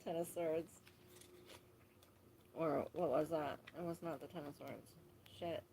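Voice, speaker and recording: A woman's voice: sits low, steady tone, measured pace, vocal fry, mellow, a little hiss or hum. A woman giving a live tarot reading who rambles, trails off and restarts, swears casually and laughs often. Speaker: tarot reader. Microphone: phone.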